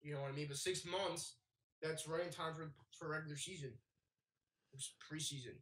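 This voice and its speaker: Bright-voiced male co-host, slightly sick. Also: fairly high pitch, fairly even intonation, normal speed. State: a little under the weather. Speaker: podcast co-host. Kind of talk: casual sports podcast chat.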